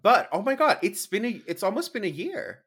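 A man's voice: high voice, sing-song, brisk, a bit bright, breathy edge. A young man co-hosting a podcast, trading sassy, campy jabs in casual banter. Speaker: podcast co-host.

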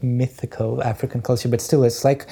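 A man's voice: mid-range voice, flat delivery, a little fast, gravelly, warm tone, husky. A man interviewing a guest, asking thoughtful questions with some hesitation.

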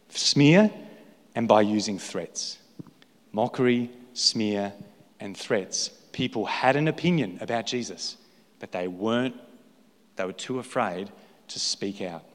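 A man's voice: lowish voice, animated, takes it slowly, pauses often. A male pastor preaching an emphatic sermon full of rhetorical questions in a large church hall. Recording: long hall reverb.

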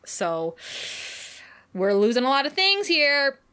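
Woman, podcast co-host, animated recap, frequent laughter, casual swearing. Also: sits high, slow. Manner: animated, laughs often, acts out quotes. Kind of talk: casual chat.

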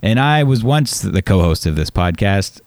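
Playful low-voiced male co-host. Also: very animated, normal speed, dry recording. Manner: playful storyteller, laughs. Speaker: podcast co-host. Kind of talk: casual podcast chat.

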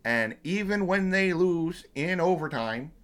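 Rambling thirty-something podcast host, swears. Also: male voice, fairly high pitch, lively intonation, measured pace, a bit bright. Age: 30s. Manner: rambling, profane, many fillers. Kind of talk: casual chat.

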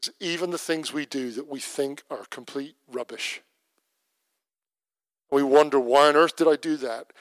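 A man preaching a sermon, telling a story in a lively way and slowing to a soft voice when he prays. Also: mid-range voice, dry recording. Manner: lively storyteller who drops to a soft, slow voice for prayer.

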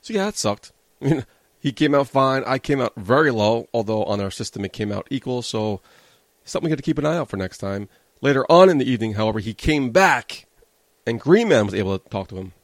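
A man's voice: mid-range voice, animated, brisk, no echo. A man hosting a wrestling podcast, narrating clips in a casual, self-mocking way. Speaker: podcast host.

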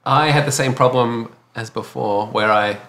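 A man on a podcast panel, casually describing films and pausing to search for words. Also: medium pitch, a bit bright. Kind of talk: casual group chat.

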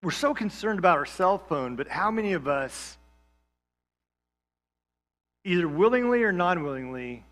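A man's voice: high-pitched, lively intonation, normal speed, pauses often, a bit bright. A man, a pastor from Georgia, preaching a sermon in a conversational way with humorous asides. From Georgia, USA.

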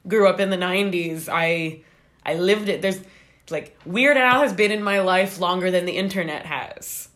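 A woman's voice: lowish voice, normal speed, a bit bright. A woman from Quebec in her forties, a podcast guest, talking casually with enthusiasm and stammered repeats. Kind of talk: casual conversation.

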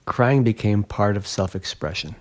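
A man's voice: lowish voice, lively intonation, normal speed. A man, a glassblower and interview guest, telling a personal story in an earnest, reflective way that livens up when he retells events.

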